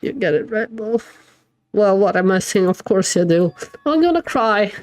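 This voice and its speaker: A woman's voice: mid-range voice, steady tone, normal speed, darkish tone, dry recording. Emotional woman streamer reading game dialogue. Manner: emotional, reads game text aloud with reactions. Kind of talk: live gameplay commentary, reading dialogue aloud.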